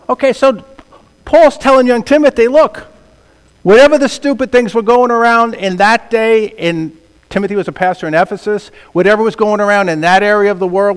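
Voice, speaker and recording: High-voiced preacher in a reverberant hall. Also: male voice, clean tone. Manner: animated preaching, swinging from quiet to loud emphatic. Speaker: pastor. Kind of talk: sermon. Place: church sanctuary. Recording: long reverb of a large hall.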